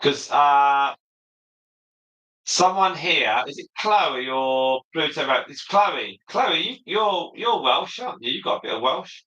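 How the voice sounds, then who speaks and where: A man's voice: fairly high pitch, animated, slow pace, sharp tone, reverberant, lo-fi sound. A man hosting a casual livestream, chatting freely as he reads out viewer comments and replies to them. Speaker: livestream host.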